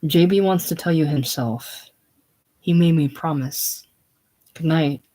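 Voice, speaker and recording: A reader voicing a gentle, devoted young woman in a casual play reading, with soft, tender delivery. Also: medium pitch, a little slow, close to an everyday voice. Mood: soothing.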